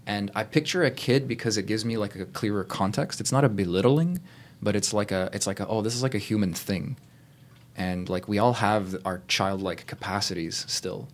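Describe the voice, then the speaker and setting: A man's voice: fairly low pitch, moderate pace. A man in casual conversation, speaking reflectively and searching for words. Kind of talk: casual chat.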